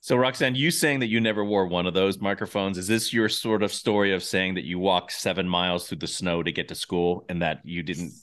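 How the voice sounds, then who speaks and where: A man co-hosting a casual podcast who teases his guests, laughs often and reacts quickly. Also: low-pitched, fairly even intonation, fairly bright tone. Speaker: podcast co-host.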